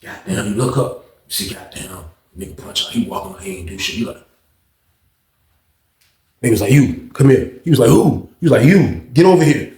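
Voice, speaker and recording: A man's voice: mid-range voice, expressive, normal speed, dark tone, roomy sound. A man telling a prison story casually and acting out the other people's lines. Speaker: storyteller host.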